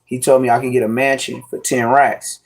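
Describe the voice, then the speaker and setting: A man's voice: mid-range voice, little pitch movement, fairly quick. Man rambling on a live stream. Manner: rambling, profane, slangy. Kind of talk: casual live-stream chat. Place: at home with his dogs.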